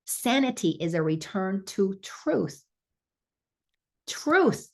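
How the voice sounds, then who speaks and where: Husky low-voiced woman teaching spirituality. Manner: earnest, encouraging, with restarts. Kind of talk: spiritual lesson commentary.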